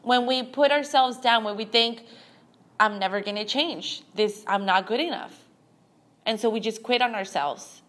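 A young woman hosting a podcast, talking through an emotional personal monologue in a halting way, full of restarts, close to tears. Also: on the high side, a bit bright. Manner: halting, with frequent restarts and fillers. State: teary. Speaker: podcast host.

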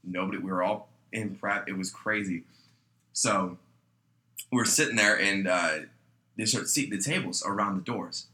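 A man's voice: on the low side, normal speed. A young man in casual chat, swearing freely and telling a story about kitchen work. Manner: profane storyteller who shouts out the voices in his stories.

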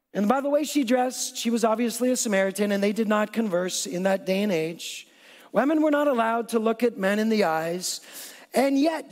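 A man with a high voice preaches in a loose, conversational way, acting out lines from the story. His voice rings with the long reverb of a large hall. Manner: conversational, animated, acts out quotes. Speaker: pastor. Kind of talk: sermon.

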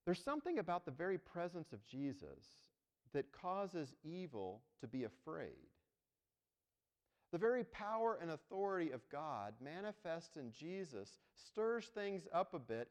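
A man preaching a sermon as pastor, talking to the congregation conversationally and checking in with "right?". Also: on the high side. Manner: conversational, tags points with "right?". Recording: long hall reverb.

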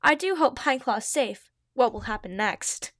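A woman voicing a caring young she-cat warrior in a read-aloud fan story, with soft, worried musing. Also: a little high, animated, moderate pace, dry recording, clean studio sound.

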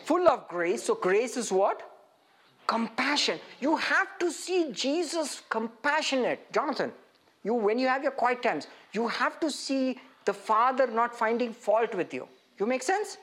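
A man preaching an interactive sermon, animated and putting questions straight to his listeners. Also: very high-pitched, a little slow, slightly rough.

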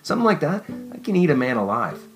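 An upbeat, chatty young pharmacist who pleads and reassures with bright energy, read by a man. The voice sits a little higher than the narrator's own. Faint guitar plays underneath. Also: big pitch swings, quick pace. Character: friendly talkative male pharmacist, young adult.

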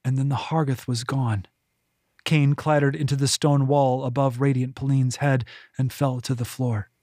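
A man narrating his own fantasy novel as an audiobook, measured and unhurried, on a close mic. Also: mid-range voice, level tone, mellow, dry recording. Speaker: author and narrator.

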